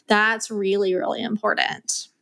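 A woman's voice: mid-range voice, little pitch movement, gravelly, fairly bright tone. A woman in her thirties with a Southern US accent, chatting as a podcast guest and laying out her daily routine step by step. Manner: brisk, organized, listing routines step by step. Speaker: guest, executive assistant. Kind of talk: casual podcast chat.

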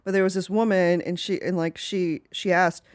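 A woman comedian guest chatting casually, sassy and joking with quick asides. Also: on the low side, fairly even intonation, no room sound, studio quality. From United States. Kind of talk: casual chat.

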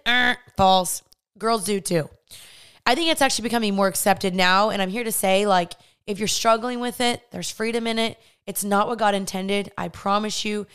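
A young woman hosting a podcast, telling her personal faith testimony in an animated way and acting out the voices she remembers. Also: mid-range voice, clean tone. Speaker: podcast host.

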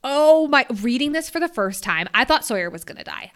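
Excitable woman gushing about a book. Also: high voice, a little fast, clean tone. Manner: excited, swearing, acts out quotes. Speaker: podcast co-host. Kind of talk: casual book discussion.

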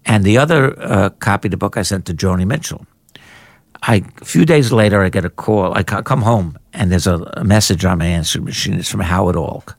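An older man, an author and journalist, telling anecdotes in an animated way in a conversation and jumping into higher voices when he quotes people. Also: fairly quick, gravelly, no echo. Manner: animated raconteur, jumps into high-pitched voices for quoted people. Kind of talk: anecdotal storytelling in a podcast conversation.

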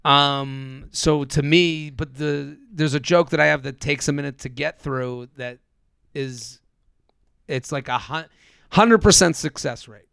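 Man, slightly high, gravelly, rambling podcast chatter, dry close mic. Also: unhurried, fairly bright tone, no echo. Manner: rambling, lots of fillers and restarts. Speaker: comedian and podcast guest. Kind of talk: casual podcast chat.

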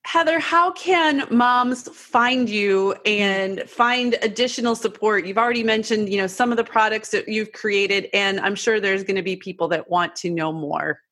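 A woman's voice: mid-range voice, normal speed, hardly any pauses, fairly bright tone. A woman co-hosting a parenting podcast who asks guests questions and talks casually to listeners. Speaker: podcast co-host.

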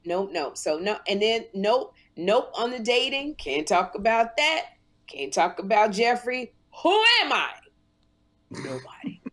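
A woman co-hosting a casual talk show, telling stories in an animated way and mimicking other people's voices. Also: mid-range voice, measured pace. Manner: animated storyteller, mimics voices in her anecdotes. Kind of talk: casual chat.

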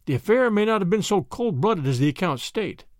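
Guy playing calm kind stranger on a train, lively pitch, dry recording. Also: fairly quick, dry recording. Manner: quiet, calm. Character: quiet, kindly dark-haired stranger on a train.

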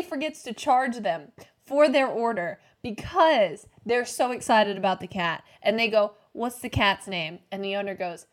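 A woman's voice: fairly high pitch, moderate pace. A woman co-hosting a casual podcast, telling stories in a chatty way and checking in with her listeners as she goes. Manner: chatty storyteller, checks in with "okay?". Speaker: podcast co-host. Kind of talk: casual chat.

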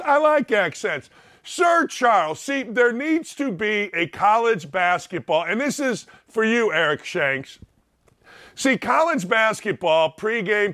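A man's voice: sits high, fairly bright tone. A man hosting a sports talk show, ranting bluntly and brashly in an opinionated monologue.

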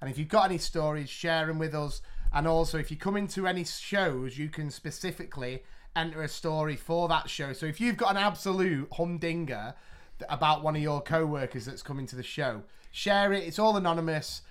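A man co-hosting a podcast, telling a family story in an animated, laughing way. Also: on the high side, fairly quick, clear, resonant tone. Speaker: podcast co-host. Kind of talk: casual storytelling chat.

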